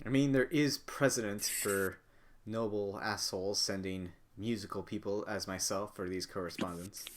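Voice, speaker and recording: A man's voice: on the low side, steady tone, normal speed. A man playing a tabletop game with friends, crude and playful, often stumbling over his words. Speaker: player. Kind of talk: tabletop role-play.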